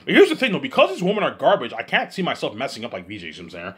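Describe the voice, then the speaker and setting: Husky man rambling in a monologue. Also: huge pitch swings, rapid-fire. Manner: repetitive, keeps saying "you know what I'm saying"; swings between loud outbursts and low mumbles. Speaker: host of his own listening series.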